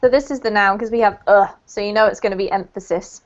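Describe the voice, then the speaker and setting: A woman's voice: mid-range voice, fairly even intonation, quick pace. A woman teaching English in an online lesson, explaining words patiently and checking understanding with little questions. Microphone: video call. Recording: muffled video-call audio.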